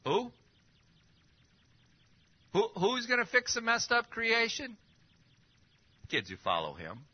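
A man preaching a sermon, full of rhetorical questions and swinging between loud and hushed. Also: very high voice, slow, breathy edge. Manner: lively, rhetorical questions, drops to near-whispers. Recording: dull lo-fi recording.

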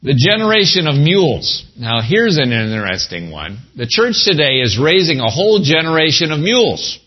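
A man's voice: normal speed, breathy edge. Pastor guy preaching, voice jumps all over, kinda muffled recording. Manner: animated preaching, swinging pitch, folksy asides. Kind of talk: sermon.

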